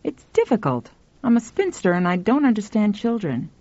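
A woman's voice: mid-range voice, sing-song, moderate pace, dark tone, no echo, muffled recording. A woman voicing an older graying spinster who speaks in a clipped, stern way. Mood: curt. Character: thin graying older spinster writer, prim and curt.

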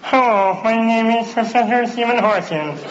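A man's voice: very high voice, moderate pace, noisy background, voice pushed up. A man doing a stiff, over-formal robotic-voiced male professor in a comedy set. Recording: muffled live club recording. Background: loud laughing crowd.

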